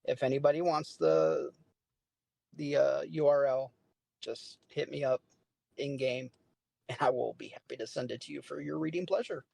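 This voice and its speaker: Gravelly-voiced man on a podcast. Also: medium pitch, animated, moderate pace, long pauses, darkish tone, dry recording. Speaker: podcast guest. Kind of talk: casual podcast chat.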